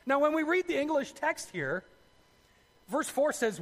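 A man preaching a sermon, telling the story in a lively way with asides to his listeners. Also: very high voice, normal speed, long reverb tail. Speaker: pastor.

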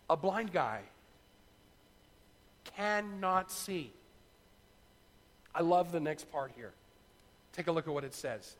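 Middle-aged pastor guy preaching, big swings in pitch, gravelly edge, echoey church hall. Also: a little slow, pauses often. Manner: animated storytelling, acts out voices. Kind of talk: sermon.

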